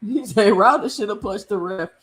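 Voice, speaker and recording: A woman's voice: mid-range voice, moderate pace. A woman hosting a live reaction stream, talking to her chat in disbelief and often laughing as she comments. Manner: incredulous, laughing, talks to chat. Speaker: boxing streamer host.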